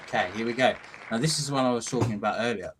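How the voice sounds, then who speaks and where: A man's voice: medium pitch, rapid-fire, a crowd in the background, noisy background. A man hosting a casual podcast chat, chatty and self-deprecating, laughing often. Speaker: podcast host.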